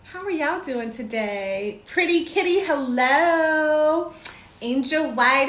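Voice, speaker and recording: A young woman hosting a casual livestream, greeting viewers by name in bubbly, drawn-out sing-song tones. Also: sits high, animated, fairly bright tone, echoey room.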